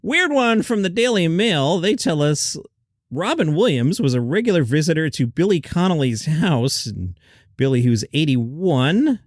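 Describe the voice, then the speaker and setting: A man's voice: fairly high pitch, very animated, a little slow, no echo, clean studio sound. Sarcastic man hosting comedy news. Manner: sarcastic, incredulous asides. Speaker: host.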